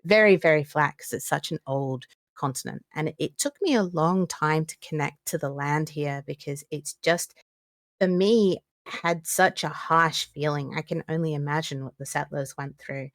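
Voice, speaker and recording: A woman's voice: low-pitched, moderate pace, no room sound, clean studio sound. A woman from New Zealand with a mixed New Zealand and Australian accent, chatting as a guest and swearing freely. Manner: animated, swears freely, laughs often. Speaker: guest streamer. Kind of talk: casual interview chat.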